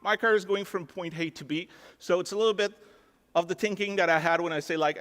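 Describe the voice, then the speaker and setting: A man with a French accent walks a conference audience through a live technical demo in an easygoing, chatty way. His voice sits a little high, and he fills his sentences with casual fillers. The sound rings with the long reverb of a large ballroom. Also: fairly quick, a bit bright. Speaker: conference speaker.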